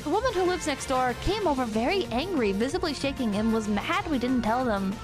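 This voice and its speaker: A woman's voice: high voice, animated, brisk. Giggly young woman streamer over music. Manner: teasing, giggly. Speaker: streamer host. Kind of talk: casual streaming chat and post reading. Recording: streaming mic with music behind. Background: background music.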